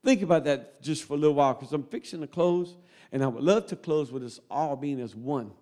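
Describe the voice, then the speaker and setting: A man preaching a sermon, folksy and close to tears, swinging between loud appeals and quiet asides. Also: on the high side, a little fast.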